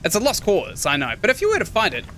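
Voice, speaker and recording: A man reading out an old hermit's lines from a video game in a high, loud voice with a rough attempt at a Scottish accent. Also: wildly swooping pitch, fast talker, a little hiss or hum, heavily acted. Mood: somber. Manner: reading game dialogue aloud, dramatic. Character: lonely old man, stubborn hermit by the sea.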